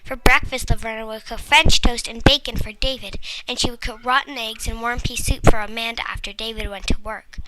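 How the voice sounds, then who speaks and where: A woman reading a first-person children's story aloud in a lively, playful way. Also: on the high side, a little fast, hardly any pauses, heavy background noise. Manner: lively, playful storybook narration with comic similes.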